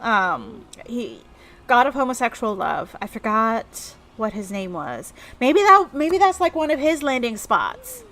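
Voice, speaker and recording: A woman's voice: on the high side, sing-song, measured pace, a bit bright. A woman streamer giving casual, rambling gameplay commentary full of fillers. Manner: chatty, rambling, with many fillers.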